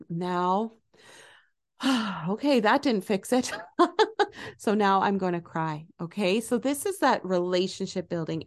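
Gentle, encouraging woman podcast host. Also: medium pitch. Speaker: podcast host and eating coach. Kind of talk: casual solo podcast talk.

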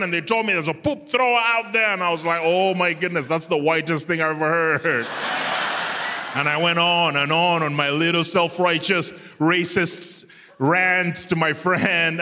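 A man's voice: high voice, sharp tone, slight background noise. A man doing a stand-up comedy set on a stage before a live audience, acting out quoted voices and asking "do you understand?" again and again. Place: large music hall before a live audience. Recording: live hall with long reverb.

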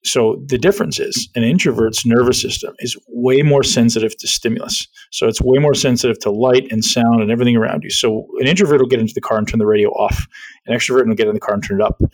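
A man's voice: mid-range voice, rough recording. A middle-aged man hosting a podcast, explaining ideas in casual conversation and often checking in with "right?". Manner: fast-talking, explanatory, peppers speech with "right?". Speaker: podcast host.

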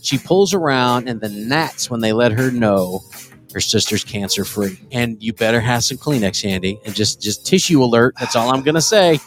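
A man's voice: mid-range voice, normal speed, soft background music. A man co-hosting a casual comedy podcast, joking crudely and laughing often as he runs through news stories. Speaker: podcast co-host.

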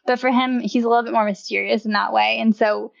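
A woman's voice: a little high, steady tone, quick pace, vocal fry, muffled recording. A young woman talking casually as a podcast guest, chatty and laughing often, with lots of "like" fillers. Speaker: podcast guest, wellness writer. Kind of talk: casual interview chat.

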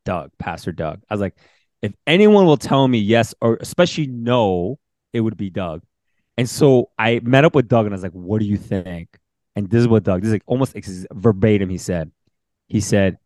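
A man's voice: on the low side, normal speed, no echo, clean studio sound. A man hosting a podcast interview, telling a story casually and acting out the voices he quotes. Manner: animated, acts out quoted voices. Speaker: senior pastor and podcast host.

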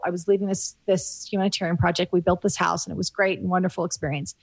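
A woman's voice: on the low side, flat delivery, fast, creaky, husky, no room sound. A middle-aged woman from the United States, a business coach being interviewed, talking candidly and reflectively with many fillers and restarts. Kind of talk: casual interview conversation.

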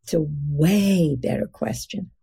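A middle-aged woman giving an earnest, emphatic podcast interview as the guest expert. She speaks slowly with a low, gravelly voice. The tone is dark and a little husky. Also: expressive. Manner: earnest, emphatic, slows down for key phrases.

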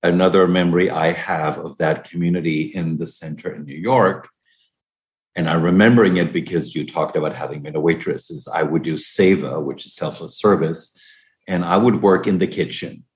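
A man's voice: low-pitched, normal speed, echoey room. A man hosting an interview, asking curious, searching questions and sharing his own memories. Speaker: host. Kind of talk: interview conversation.

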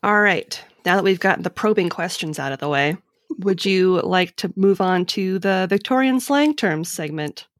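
A woman's voice: lowish voice, expressive, moderate pace, no echo, studio quality. A woman hosting a podcast, running a casual quiz segment in a playful, teasing way. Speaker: podcast host.

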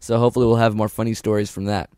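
A man's voice: fairly low pitch, level tone, racing, warm tone, clear, resonant tone, no room sound, clean studio sound. A man co-hosting a podcast in casual chat, adding wry details and teasing his co-host. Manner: wry, fills in details and teases.

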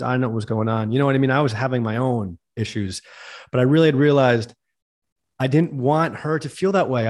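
A man hosting a podcast, talking in an earnest, heartfelt, rambling way. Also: medium pitch. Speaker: podcast host. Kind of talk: casual conversation.

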